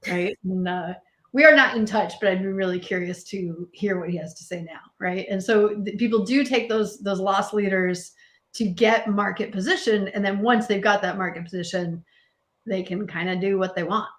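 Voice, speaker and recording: Female panel guest, animated storyteller, echoey room sound. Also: mid-range voice, moderate pace. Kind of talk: casual panel discussion.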